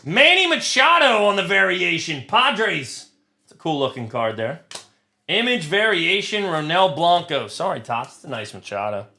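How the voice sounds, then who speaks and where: A man's voice: high-pitched, very animated, moderate pace, bright, forceful tone. Cursing, exasperated man opening trading cards. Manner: profane, frustrated, talks to chat. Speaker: card break host. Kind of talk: live card break stream.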